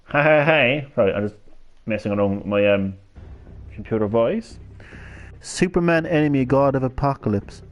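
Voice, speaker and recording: A man's voice: medium pitch, expressive, moderate pace, long pauses, soft background music. A man chatting to viewers on a live stream, rambling, stammering and swearing casually as he swings between hyper and drowsy. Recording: slightly dull lo-fi stream audio.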